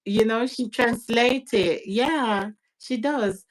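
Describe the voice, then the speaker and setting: A woman talking in an unhurried, casual chat, laughing now and then and dropping in patois phrases. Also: fairly high pitch, low-quality recording. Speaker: guest parent.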